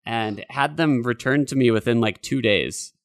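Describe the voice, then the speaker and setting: Hoarse podcast host, casual and profane. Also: male voice, mid-range voice, normal speed, no room sound, clean studio sound. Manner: rambling, swears casually. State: hoarse, losing his voice. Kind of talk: casual chat.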